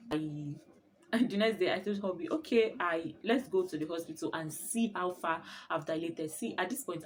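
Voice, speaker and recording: Woman, young adult, low-pitched, expressive storyteller, casual vlog, faint background noise. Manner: expressive, laughs often while telling. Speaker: mother telling her birth story.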